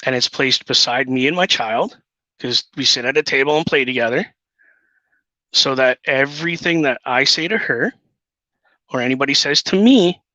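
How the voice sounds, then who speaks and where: A man's voice: medium pitch, pushed and bright, dry recording. A man talking earnestly and emotionally as a guest father in casual chat. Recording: dull lo-fi sound.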